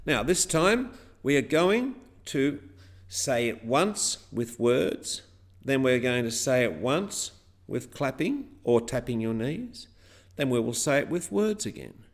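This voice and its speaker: Slow-paced male teacher with lively pitch. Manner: chanting counts and rhymes, guiding a class step by step. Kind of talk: classroom rhythm lesson.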